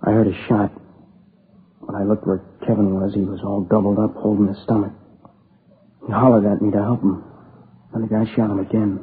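In a 1950s radio crime drama, heard as a tinny old broadcast with faint hiss, an actor plays a young adult man who witnessed a robbery and murder. Lightly acted, the exhausted, grieving character is close to tears and speaks haltingly in a lowish, flat voice.

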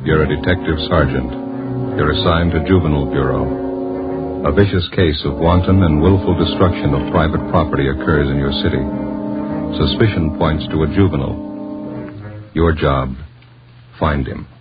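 A man's voice: extremely low pitch, fairly even intonation, normal speed, long pauses. A man delivering a solemn, emphatic radio-drama introduction. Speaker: radio announcer. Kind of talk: solemn broadcast narration. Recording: old lo-fi radio broadcast with loud music.

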